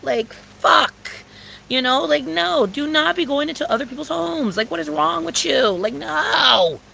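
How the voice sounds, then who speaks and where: Young woman, casual vlog rant, bright forceful voice, heated and profane, faint background noise. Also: sits high, animated, unhurried, creaky. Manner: heated, profane, repetitive ranting. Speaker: vlogger.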